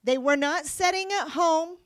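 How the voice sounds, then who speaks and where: A woman's voice: very high voice, unhurried, no echo. A woman giving an earnest sermon-style Bible teaching, reading verses aloud and explaining them with emphasis. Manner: earnest, reads scripture then explains with emphasis.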